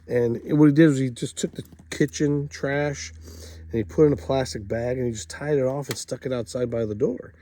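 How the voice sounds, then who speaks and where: A man telling a funny story to camera in an animated way, dropping quiet asides between loud acted quotes. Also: medium pitch, a little fast, slight background noise. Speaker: storyteller host.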